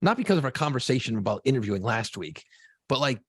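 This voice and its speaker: A man's voice: mid-range voice, sing-song, fast talker, slightly rough, dry recording, studio quality. A man co-hosting a podcast in casual chat, telling stories animatedly and swearing freely. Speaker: podcast co-host.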